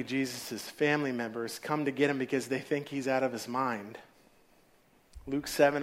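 A man preaching a sermon, telling stories and dropping to quiet asides. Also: fairly high pitch.

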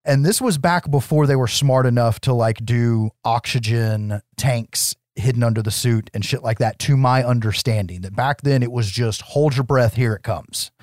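A man co-hosting a casual podcast, retelling a movie scene by scene with lively, laughing energy and some swearing. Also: medium pitch, normal speed, few pauses, no echo, studio quality. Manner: animated storytelling, acts out quotes with laughs, swears. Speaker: podcast co-host. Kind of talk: casual film recap chat.

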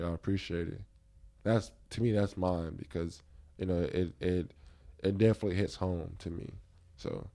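A man's voice: deep voice, mellow. A man hosting a podcast in casual chat, reflective and rambling, with many fillers and restarts. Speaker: podcast host.

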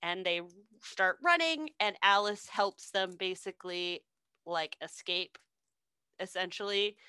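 A woman casually retelling a story as a podcast co-host, loose and unhurried, with lots of fillers and swearing. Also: medium pitch, sharp tone, smooth, dry recording.

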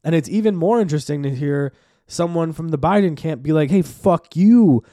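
Profane, animated young male podcaster. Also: a little high, a little fast, no echo, clean studio sound. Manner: profane, animated rant with lots of fillers. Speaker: podcast host. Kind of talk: solo podcast monologue.

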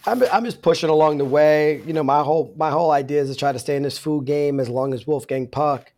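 A man, a chef guest on a podcast, talking in a relaxed, casual way, often repeating himself while he thinks. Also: on the high side, fast talker. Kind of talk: casual interview chat.

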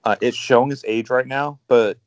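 A man's voice: medium pitch, fairly even intonation, normal speed. A man co-hosting a podcast, rambling enthusiastically about games with lots of fillers. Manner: rambling, enthusiastic gamer talk with many fillers. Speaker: podcast co-host. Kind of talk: casual chat.

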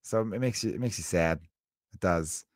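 A podcast host in his thirties rambles through a story, swearing freely and poking fun at himself. His voice sits on the low side. The sound is dry and close, with no room echo. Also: moderate pace. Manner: profane, rambling, self-mocking. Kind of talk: casual comedic monologue.

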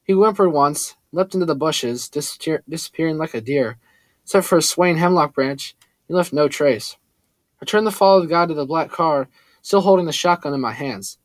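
A man reading a first-person story aloud in a steady, earnest way. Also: on the high side, brisk, no room sound. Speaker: audiobook narrator. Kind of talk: first-person scripted narration.

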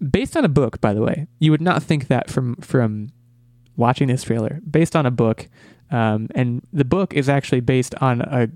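A man's voice: medium pitch, darkish tone, no echo, studio quality. A man hosting a casual movie podcast, talking eagerly and often repeating words as he restarts. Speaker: podcast host.

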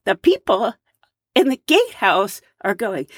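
Brief: chatty woman host with a lively, swooping pitch, storytelling. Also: moderate pace, dry recording, clean studio sound. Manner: chatty, animated, with fillers and laughs. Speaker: podcast host, flight attendant. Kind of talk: casual storytelling.

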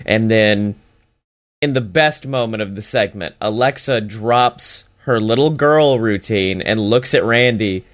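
A man's voice: fairly low pitch, measured pace. A man giving a casual, sarcastic recap of a wrestling show, laughing as he mocks it. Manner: sarcastic, mocking, laughs while talking.

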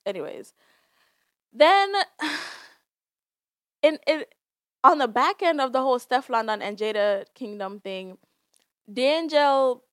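A woman podcast host from Jamaica chats through the latest gossip with a bright, higher-pitched voice. She laughs often and leans on fillers. The sound is dry and close, with no room echo. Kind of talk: casual chat about celebrity gossip.

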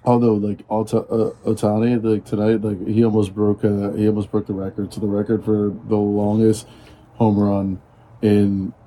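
A quiet, easygoing man chats agreeably. His voice is low, very dark and level, with little rise and fall. Faint noise sits behind him. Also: monotone, normal speed. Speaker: podcast co-host. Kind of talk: casual chat.

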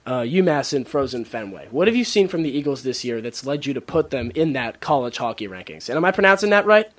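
A man's voice: medium pitch, expressive, quick pace, a bit bright. A young man hosting a student podcast, reading an upbeat intro and stumbling a little. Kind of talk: casual podcast interview.

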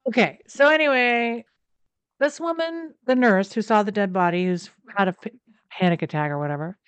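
A woman co-hosting a casual podcast, recapping a TV episode with animated storytelling. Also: medium pitch, moderate pace, clear, resonant tone, no room sound. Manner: animated, acts out scenes in quoted voices. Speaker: podcast co-host.

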